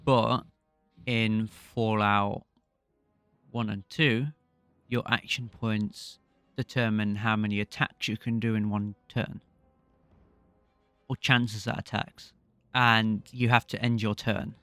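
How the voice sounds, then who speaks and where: A man's voice: lowish voice, little pitch movement, slow pace, long pauses, fairly bright tone, clean tone, dry recording, soft background music. A man co-hosting a podcast, thinking aloud in a rambling, casual way. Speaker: podcast co-host. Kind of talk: casual game discussion.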